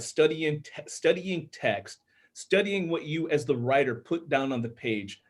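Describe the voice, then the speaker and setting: A man from Minnesota, an author and audiobook narrator, explaining his craft earnestly in casual panel chat, with a tenor voice and many restarts. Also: mid-range voice.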